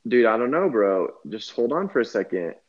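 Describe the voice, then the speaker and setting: A man's voice: mid-range voice, very animated, normal speed, lo-fi sound. A man co-hosting a casual comedy chat, making playful, absurd jokes.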